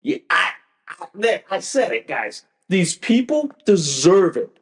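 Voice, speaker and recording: A man's voice: high-pitched, sing-song, measured pace. A male podcast host delivering a profane, repetitive political rant in an emphatic tone.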